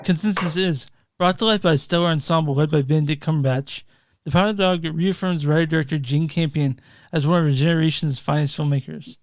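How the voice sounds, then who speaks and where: A man with a fairly high-pitched voice speaks fast on a dry recording. He co-hosts a casual movie podcast, staying easygoing, laughing often, and reading out review scores and show plugs.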